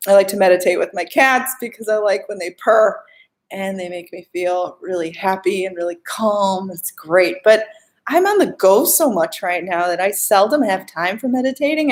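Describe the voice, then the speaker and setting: Chatty woman coach answering live questions. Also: mid-range voice. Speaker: life coach. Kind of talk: live-stream Q&A.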